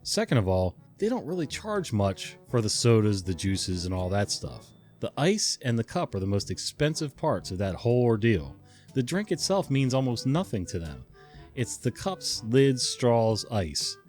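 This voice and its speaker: Male host, animated storytelling, chuckles, faint guitar under voice. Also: mid-range voice, normal speed. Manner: chuckling, conversational, digressive. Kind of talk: casual story narration.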